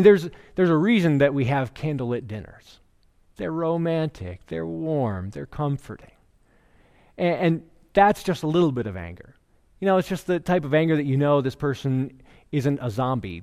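A middle-aged man delivers a conversational sermon, with a slightly higher-than-usual voice. He tells stories and jokes to make his points, and the sound carries a long reverb from a large sanctuary. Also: a little mellow. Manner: conversational preaching with joke storytelling. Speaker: pastor.

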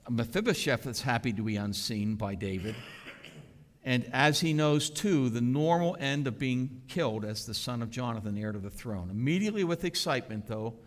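A man preaching a sermon with animated, dramatic emphasis, recorded in a reverberant church sanctuary. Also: medium pitch. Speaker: pastor. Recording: reverberant hall.

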